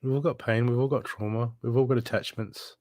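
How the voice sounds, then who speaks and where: A man's voice: mid-range voice, fairly even intonation, fairly quick, darkish tone, no echo, clean studio sound. A man giving a live intuitive reading, blunt and urgent, swearing freely as he presses the listener to heal. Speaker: spiritual reader.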